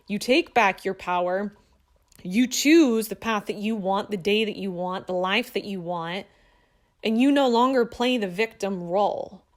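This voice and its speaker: A woman in her thirties, a coach, telling a personal story to her viewers in an earnest, assertive way. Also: mid-range voice. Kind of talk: casual motivational talk to camera.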